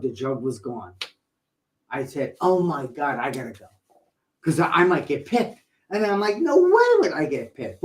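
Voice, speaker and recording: A middle-aged man co-hosting a talk show, telling a story in a playful, animated way and acting out what people said. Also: fairly high pitch, low-quality recording. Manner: animated, playful storyteller who acts out quotes. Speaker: podcast co-host. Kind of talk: casual storytelling chat.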